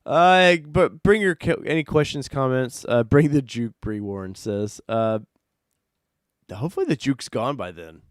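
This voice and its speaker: A man hosting a casual live-stream car chat, talking loosely and excitably, jumping from loud bursts to mutters. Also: medium pitch, unhurried, no room sound, studio quality. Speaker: host.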